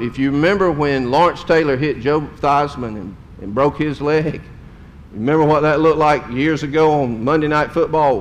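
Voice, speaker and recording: A middle-aged man, a pastor telling a story in a sermon in a folksy, emotional way. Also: mid-range voice. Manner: folksy, emotional storytelling with drawled Southern phrases.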